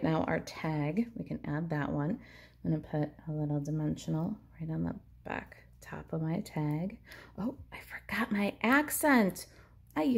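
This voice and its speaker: A woman's voice: fairly low pitch, vocal fry, darkish tone, breathy edge. A woman demonstrating a papercraft project, chatting in an upbeat way as she narrates each hands-on step. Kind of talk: crafting tutorial.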